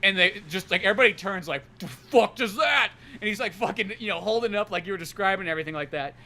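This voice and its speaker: A man's voice: high-pitched, racing, sharp tone. A man hosting a podcast, rambling profanely and acting out movie scenes as he retells them. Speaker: podcast host. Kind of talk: casual podcast chat.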